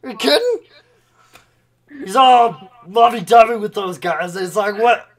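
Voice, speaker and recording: A brash, silly T-rex puppet that a man voices on a webcam chat. The voice sits very high and swoops around, with a gravelly crackle and slow, drawn-out delivery. It is rowdy and full of shouts. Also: lively intonation, exaggerated voice. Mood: goofy. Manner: rowdy, shouts and makes mouth noises. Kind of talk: improvised video chat puppet comedy.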